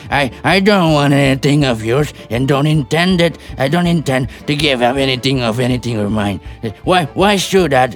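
A man plays a stubborn old landowner in a stage comedy. He stammers, repeats himself and trails off with fussy filler. His voice sits at a middle pitch with faint music underneath. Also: animated, normal speed, hardly any pauses, lightly acted. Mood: flustered. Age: older. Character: older male landowner, blustering and stubborn. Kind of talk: amateur stage play reading.

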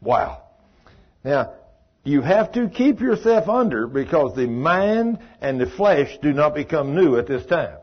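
A man's voice: fairly high pitch, very animated, a little slow, slightly rough. A man teaching an informal Bible study, folksy, asking listeners questions and calling them by name. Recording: dull lo-fi recording.

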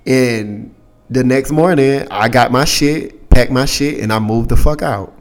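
A young adult man hosting a podcast, telling a personal story in a candid, profane, casual way and getting animated when he quotes other people. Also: mid-range voice, unhurried. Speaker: podcast host.

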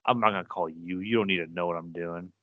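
Low-voiced, laid-back man chatting. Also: steady tone, quick pace, dry recording, narrow, tinny audio. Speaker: bus driver. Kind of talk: casual chat.

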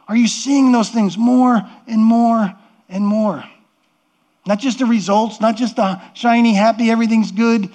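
A man's voice: very high voice, fairly even intonation, a little slow, darkish tone. A middle-aged man preaching a sermon as pastor, earnest and conversational, often repeating and restarting words.

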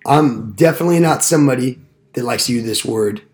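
A man's voice: mid-range voice, expressive, fairly quick, a little mellow. A young man hosting a casual podcast, telling goofy, boastful stories. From Mexican heritage. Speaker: podcast host.

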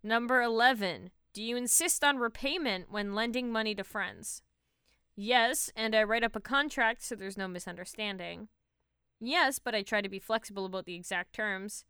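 A woman's voice: a little high, moderate pace, bright, forceful tone, clear, resonant tone, no echo, clean studio sound. A woman co-hosting a casual podcast, reading quiz questions and answer options aloud in a matter-of-fact way. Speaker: podcast co-host.

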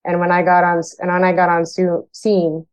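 A woman firefighter from Canada appears as a guest telling her story candidly, acting out remembered exchanges in a frank, plain manner. Her fairly low voice is smooth and monotone at a normal speed. The audio quality is poor.

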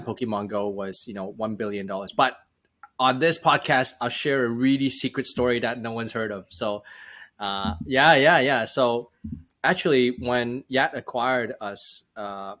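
A startup founder on a podcast. He tells his story casually, using many fillers and restarts. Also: mid-range voice. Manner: relaxed, with frequent fillers and restarts.

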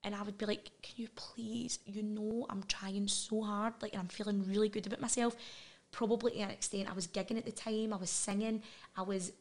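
A woman's voice: medium pitch, level tone. A middle-aged Scottish woman, a podcast guest, talking frankly and earnestly about her past in a candid interview. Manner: earnest, frank, quick asides and laughs.

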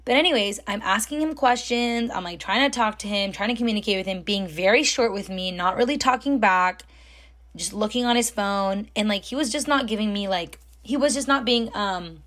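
A young woman telling a story in a casual, chatty way, full of fillers and animated when she quotes people. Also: medium pitch, normal speed. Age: young adult. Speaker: storytime host.

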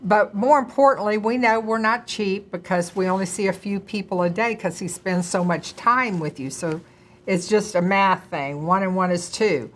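A woman's voice: mid-range voice, moderate pace. A middle-aged woman co-hosting a casual talk and speaking earnestly and emphatically to viewers. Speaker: co-host, doctor's wife. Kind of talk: casual conversational chat.

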